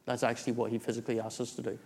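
A man's voice: medium pitch, monotone, racing, creaky, darkish tone. A man, preaching a testimony story in a church hall with many fillers and restarts. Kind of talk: sermon testimony.

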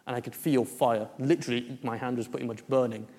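A man's voice: medium pitch, fairly even intonation, brisk, mellow. A man, preaching a testimony story in a church hall with many fillers and restarts. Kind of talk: sermon testimony.

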